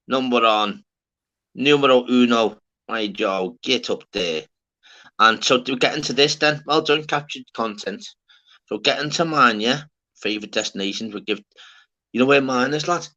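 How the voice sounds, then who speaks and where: Male streamer, brash and sweary, bright forceful tone. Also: mid-range voice, measured pace, muffled recording. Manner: brash, swearing, says "lad" constantly. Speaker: livestream host. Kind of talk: casual chat.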